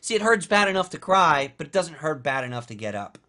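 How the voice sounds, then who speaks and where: A man's voice: a little high, very animated, brisk, bright, forceful tone. A man teaching a motivational course, speaking emphatically and repeating key phrases. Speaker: course instructor. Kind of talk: motivational lecture.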